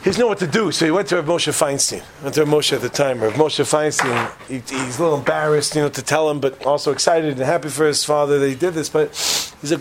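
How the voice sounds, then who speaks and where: Animated man giving a Torah class. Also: fairly high pitch, fast, background noise. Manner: animated, jokey, asks the audience questions. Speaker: rabbi teaching a class. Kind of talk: lively Torah class with a story.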